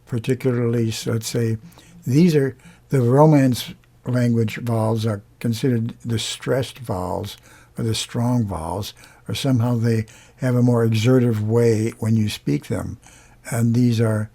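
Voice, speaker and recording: A man teaching a lesson on vowels, explaining slowly and demonstrating each sound aloud. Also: medium pitch, steady tone, gravelly, mellow. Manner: unhurried, pausing often, demonstrating sounds. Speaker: singing teacher.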